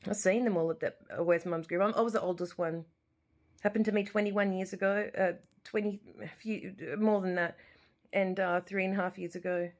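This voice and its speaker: Sitting in her living room, this Australian woman in her forties addresses the camera in a mid-range voice at normal speed, her intonation fairly even. As a vlogger, she delivers a passionate, meandering personal monologue full of repetition.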